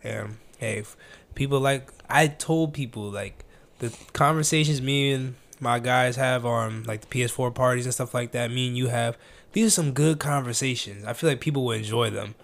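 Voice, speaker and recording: A man's voice: medium pitch, normal speed, creaky. A young man hosting a casual podcast, chatting in a laid-back slangy way and laughing often. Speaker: podcast host. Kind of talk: casual chat.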